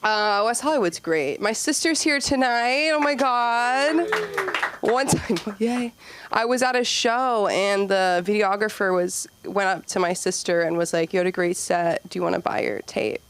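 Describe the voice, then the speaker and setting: A woman's voice: a little slow, noisy background. Chatty young woman doing stand-up. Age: 20s. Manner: chatty, rambling, acts out kids in squeaky voices. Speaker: open mic comedian. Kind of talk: stand-up comedy set. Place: comedy club stage.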